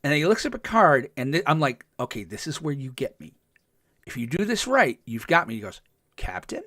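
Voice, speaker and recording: A man hosting a podcast, recapping a TV episode in a casual, excited way, full of ums and restarts and acting out the characters' lines. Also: a little high, fairly quick, no room sound, clean studio sound. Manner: chatty, with frequent ums and restarts. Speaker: podcast host.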